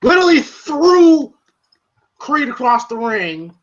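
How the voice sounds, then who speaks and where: A movie reviewer giving a casual spoken review, excitable and profane, retelling scenes in long run-on recaps. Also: high voice, takes it slowly, dull audio.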